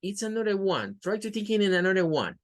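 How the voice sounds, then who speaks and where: In a very animated, mid-range voice, a Spanish-accented woman, Spanish being her first language, runs an English class and slowly repeats phrases as pronunciation drills. There is no echo.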